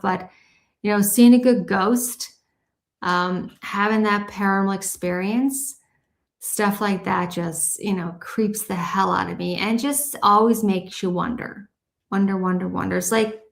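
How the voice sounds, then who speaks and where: A woman's voice: mid-range voice, steady tone, moderate pace, gravelly, roomy sound. A woman guest on a radio show, telling personal anecdotes in a chatty, casual way with many "you know"s. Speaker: guest storyteller. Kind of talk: casual interview conversation.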